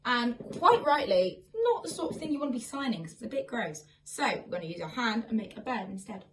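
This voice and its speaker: High-voiced woman teaching signed song. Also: lively intonation, brisk, recorded from a distance, background noise. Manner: friendly, explains each sign step by step. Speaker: singing and signing teacher. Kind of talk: online sign-and-sing lesson. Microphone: phone camera.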